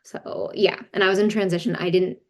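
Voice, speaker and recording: A doula appearing as a podcast guest candidly shares a long personal story, quoting what others said. Her voice is on the low side with a steady tone, and she talks fairly quickly in a casual storytelling style.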